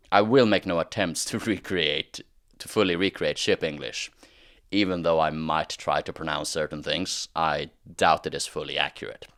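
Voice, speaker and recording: A man with a Scandinavian accent giving scripted documentary narration, measured and explanatory, slowing down to pronounce example words. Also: rumbling low, fairly bright tone, no room sound, studio quality. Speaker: history video narrator.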